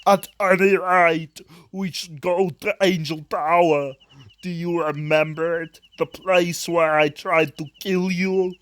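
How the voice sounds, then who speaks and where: A man voicing a gruff male warrior who talks in a blunt, matter-of-fact way. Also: a little high, fairly even intonation, takes it slowly, fairly bright tone, no room sound.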